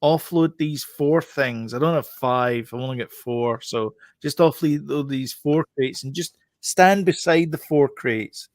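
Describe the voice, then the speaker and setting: A man paraphrasing a gruff bounty hunter, offhand. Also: medium pitch, measured pace, few pauses, no room sound, natural voice.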